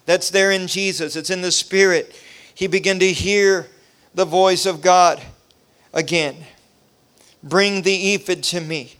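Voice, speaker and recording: A middle-aged male pastor preaching a revival sermon, building emphasis and then easing into quiet storytelling. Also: high-pitched, steady tone, a little slow, pauses often, clear, resonant tone.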